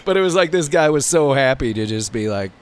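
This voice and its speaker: Lively brewer telling stories. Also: male voice, mid-range voice, fairly quick, a little hiss or hum. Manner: animated anecdote-telling. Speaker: guest brewer. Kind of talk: casual chat.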